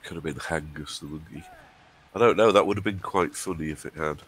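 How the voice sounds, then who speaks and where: A man's voice: a bass voice, fairly quick, fairly bright tone, a little hiss or hum. A man from the of England with a runny nose, chatting casually and teasing his co-host on a game stream. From Hartlepool, England. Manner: dry, teasing banter. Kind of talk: casual chat.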